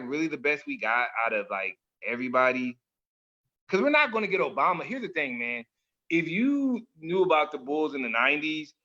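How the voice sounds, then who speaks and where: Bright, lively man in casual chat. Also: a little high, highs cut off. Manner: animated storyteller, laughs often, says like and man a lot.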